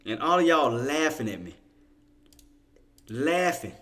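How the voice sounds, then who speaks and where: Trading streamer, man, bright voice, playful laughing banter with viewers. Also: fairly high pitch, very animated, slow pace. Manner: loose casual slang. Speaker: stock trading livestream host. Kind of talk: casual livestream commentary to chat.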